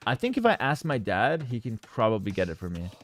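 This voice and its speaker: A man's voice: fairly low pitch, a little fast. A man casting a strategy game tournament, telling a story in a casual, talkative way full of asides. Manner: animated, talkative, many fillers and asides. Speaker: game caster and streamer. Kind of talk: casual storytelling and esports commentary.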